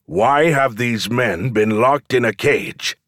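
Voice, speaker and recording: A man voicing a commanding lord who speaks in a booming, contemptuous voice. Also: slow pace, fairly bright tone, dry recording, clean studio sound. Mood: stern. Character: powerful, commanding male lord, scornful.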